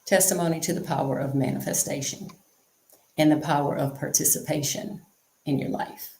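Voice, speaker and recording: Lady guest w a low voice chatting away, repeats stuff for emphasis, roomy echo on it. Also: fairly even intonation, normal speed, gravelly, warm tone, slight background noise. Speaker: interview guest. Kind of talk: candid conversational storytelling.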